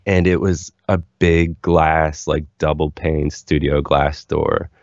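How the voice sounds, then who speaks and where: A young man with a very deep voice and a gravelly, fry-laden texture tells his story candidly, looping through "like" fillers as he goes. The recording is dull, lo-fi and dry. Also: little pitch movement, takes it slowly, darkish tone, no room sound. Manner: rambling, candid, lots of "like" fillers. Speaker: musician guest. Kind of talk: casual interview storytelling.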